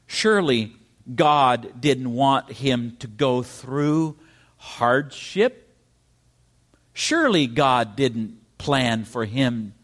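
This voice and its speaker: A man preaching a sermon in church, with emphatic questions and dramatic rises in pitch. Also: a bit bright. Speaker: pastor.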